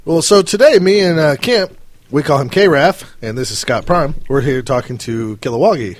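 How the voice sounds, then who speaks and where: A man's voice: on the high side, expressive, normal speed, no echo. A man hosting a casual podcast about tabletop games, teasing his guests and laughing often. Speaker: podcast host.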